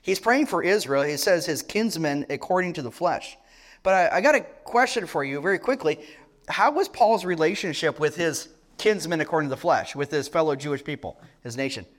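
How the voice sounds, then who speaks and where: A man's voice: on the high side, expressive, fairly quick. Earnest middle-aged man preaching. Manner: earnest, with restarts and rhetorical questions. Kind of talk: sermon.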